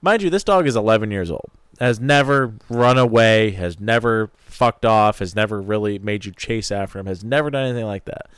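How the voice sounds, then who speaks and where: A man's voice: lowish voice, brisk, few pauses, clean tone, dry recording, clean studio sound. A man co-hosting a casual podcast chat, telling stories with lots of swearing and acted-out quotes. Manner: animated storyteller, swears freely, acts out quotes. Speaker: podcast co-host.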